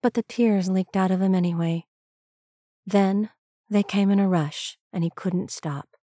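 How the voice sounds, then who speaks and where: A woman reading a story aloud as scripted narration, slow and even. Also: mid-range voice, no room sound, clean studio sound. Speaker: reader.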